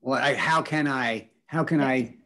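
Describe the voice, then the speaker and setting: A man with a medium-pitched, slightly bright voice teaches an online group session, running a spiritual workshop on a video call. At a measured pace, he encourages participants and echoes back their answers.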